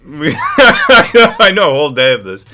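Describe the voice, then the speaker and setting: A man's voice: a little high, sing-song, normal speed, pushed and bright. Rambling man who laughs a lot. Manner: rambling, laughs often, reads chat. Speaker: livestream co-host. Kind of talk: casual livestream commentary.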